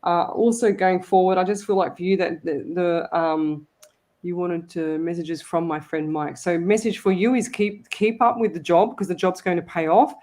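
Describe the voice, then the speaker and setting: A woman hosting a live psychic radio show, reading listener comments aloud and giving readings with hesitant pauses. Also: lowish voice, steady tone, a little mellow. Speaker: psychic medium host.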